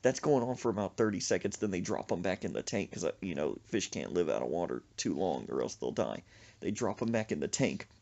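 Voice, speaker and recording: Animated guy telling a funny story, voice all over the place, husky, lo-fi muffled audio. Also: deep voice, a little fast. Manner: animated, acts out sound effects. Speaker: podcast host. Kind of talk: comic storytelling. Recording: dull lo-fi recording.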